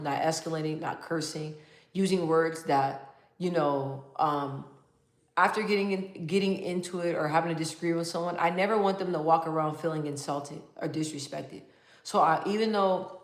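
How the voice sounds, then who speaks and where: In an echoey room, a woman with a low-sitting voice runs a laid-back livestream. She reads viewer comments aloud, staying calm and even while laughing a lot and leaning on fillers.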